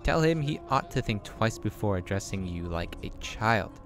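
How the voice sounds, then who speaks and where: A man's voice: lowish voice, animated, moderate pace, fairly bright tone, faint music behind. A young man casually commenting while playing a game, joking and reading choices aloud. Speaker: let's play host.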